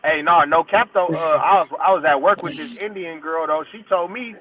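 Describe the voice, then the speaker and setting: A man's voice: on the high side, brisk, highs cut off, a crowd in the background. A man in a casual group chat, teasing in profane banter.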